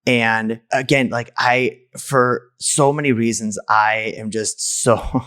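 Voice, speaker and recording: A man's voice: mid-range voice, fairly even intonation, slow pace, a bit bright, no room sound, studio quality. A man from the United States, a podcast host, telling a personal story in a candid, blunt way with casual swearing.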